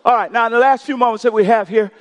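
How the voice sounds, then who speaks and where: A man's voice: very high-pitched, fairly even intonation, racing, fairly bright tone. A male pastor delivering a sermon, leading the congregation in call-and-response, his volume swelling and dropping. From Texas. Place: large church sanctuary. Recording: long hall reverb.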